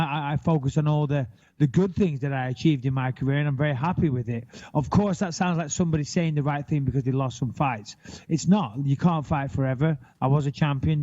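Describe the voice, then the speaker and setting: A man in his thirties chatting casually as a podcast co-host, blunt and animated, with plenty of swearing. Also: a little high, muffled recording. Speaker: podcast co-host, retired fighter. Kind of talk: casual chat.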